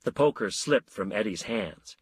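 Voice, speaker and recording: A man narrating a story in a wry, measured way. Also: lowish voice, animated, breathy edge, no room sound.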